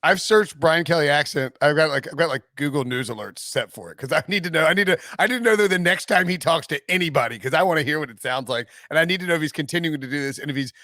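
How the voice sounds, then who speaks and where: Bright-voiced man hosting a sports chat. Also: a little high, no room sound, studio quality. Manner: rambling, quick questions, laughs often. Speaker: podcast host.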